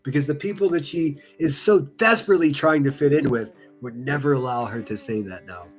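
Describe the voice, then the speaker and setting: A man's voice: medium pitch, a little fast, faint music behind. A man doing casual reaction commentary, reading comments aloud in a sarcastic, mocking and profane way. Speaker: online commentary streamer.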